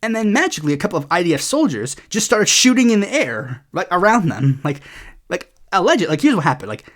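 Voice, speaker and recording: A podcast host talks through the news in a loose, rambling, sarcastic way, with plenty of swearing and filler words. The pitch sits in the middle but swings widely, rising and dropping all the time. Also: sing-song. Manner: acts out other people's lines in quick put-on voices. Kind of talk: casual political commentary.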